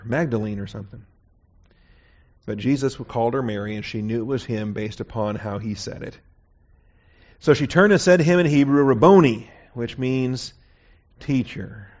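A man's voice: mid-range voice, darkish tone. A man teaching a verse-by-verse Bible lesson in a conversational way, often checking in with his listeners. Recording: dull, lo-fi recording.

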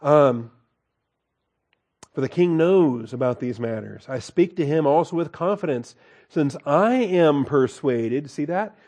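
A man's voice: fairly high pitch, expressive, unhurried, darkish tone. A man teaching a Bible study in a folksy, conversational way, reading scripture aloud and breaking off to comment with a chuckle.

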